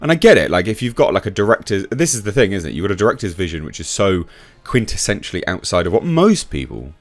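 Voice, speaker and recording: Very animated and fast-talking, a male YouTube commentator reads quotes and reacts with casual sarcasm, dropping to low mutters and then jumping to sudden high emphasis. The recording is dry, with soft background music.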